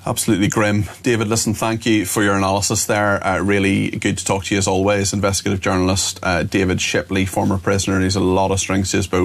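A Northern Irish man presents a talk radio show, chatting between listener messages he reads aloud. His voice sits a little low, with a gravelly fry.

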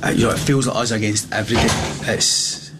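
A man, a football manager, answering questions in a halting, dismayed way with many pauses. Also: on the low side, steady tone, music in the background. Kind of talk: press conference answers. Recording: clip with loud background noise.

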